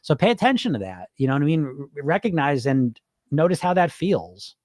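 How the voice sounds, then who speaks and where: A man's voice: a little high, very animated, a little fast, a little mellow, no echo, clean studio sound. A middle-aged man coaching on weight loss in a loose, rambling live-stream chat, swearing casually and restarting his sentences.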